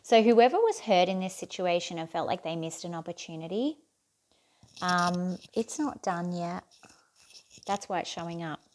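A woman's voice: on the low side, normal speed. A woman giving a casual tarot reading, chatty and thinking aloud with fillers and restarts. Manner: asks the cards softly, near-whispered. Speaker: tarot reader.

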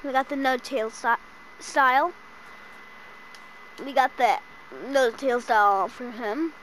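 A woman hosting a casual game item shop rundown, hiccuping and listing items excitedly while stumbling over names. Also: sits high, slow pace, slight background noise, poor audio. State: has the hiccups. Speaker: gaming channel host.

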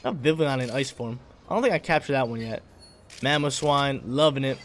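A man's voice: mid-range voice, fairly quick, a bit bright, slight background noise. A man giving casual, hyped gameplay commentary, talking in slang and laughing often.

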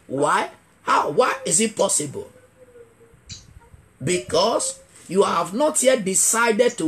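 A man's voice: high voice, slight background noise. A man preaching a revival sermon as an evangelist, asking the congregation questions and repeating key phrases for emphasis. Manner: emphatic, builds to shouting.

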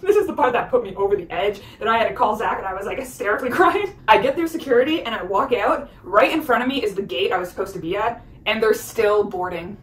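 A young woman vlogger rambling through an animated storytime while unpacking at home. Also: on the high side, distant mic. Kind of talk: casual storytime vlog. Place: at home unpacking, echoey room. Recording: roomy echo, voice a bit off-mic.

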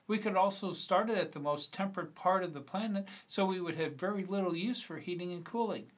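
A man's voice: high voice, brisk, pitched above the performer's own voice. A man reading as an eager schoolboy. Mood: earnest. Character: teenage schoolboy, eager and earnest. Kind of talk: screenplay reading.

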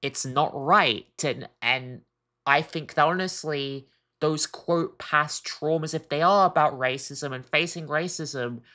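A woman's voice: sits low, slow pace, bright, forceful tone. A woman giving earnest, emphatic reaction commentary, often repeating herself as she makes her point. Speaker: reaction streamer.

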